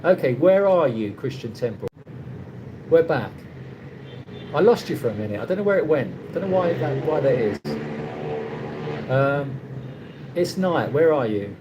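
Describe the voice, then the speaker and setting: There's a sing-song quality to this medium-pitched male voice, which moves at normal speed with long pauses. The highs are cut off and background noise is present. He's a middle-aged livestream host from London, England, with a London accent, casually chatting, reading viewer comments, and rambling with frequent restarts.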